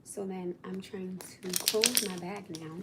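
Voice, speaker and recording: A woman's voice: medium pitch, steady tone, unhurried, heavy background noise. A woman casually chatting to viewers on a livestream, talking in an exasperated, chatty way to the people watching.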